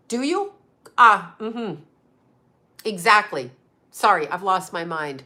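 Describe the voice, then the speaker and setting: A middle-aged woman, a psychic medium, ranting on a livestream with angry, profane, rapid-fire questions aimed at a critic. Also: medium pitch, expressive, sharp tone. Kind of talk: heated livestream rant to viewers.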